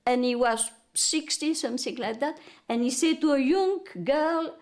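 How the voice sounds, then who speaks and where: An older woman from Belgium with a Belgian French accent, French being her first language, recounting memories in halting English and searching for words. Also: sits high, a little mellow. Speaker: interviewee.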